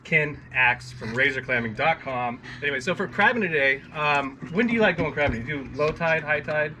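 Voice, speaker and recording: A man's voice: fairly high pitch, lively intonation, a little fast, bright, forceful tone, a little hiss or hum. Chatty man hosting a fishing vlog. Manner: chatty, joking, self-mocking. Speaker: fishing channel host. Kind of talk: casual vlog talk.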